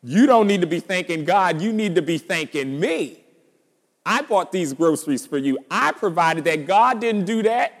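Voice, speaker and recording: A man's voice: fairly low pitch, big pitch swings, slow pace, hardly any pauses, long reverb tail, full character voice. A preacher doing a gloating wicked old man. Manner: loud mocking taunts.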